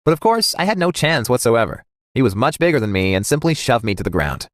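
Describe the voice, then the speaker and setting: A man narrating a scripted first-person story in a dramatic, animated way. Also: medium pitch, quick pace, dry recording, studio quality.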